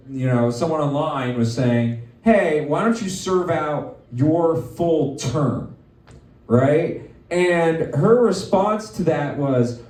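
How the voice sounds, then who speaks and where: Brief: loud, manic male comedy host with a lively, swooping voice, recorded in a roomy club. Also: mid-range voice. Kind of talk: stand-up comedy hosting. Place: live comedy venue with audience. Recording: roomy live venue, mic at a distance.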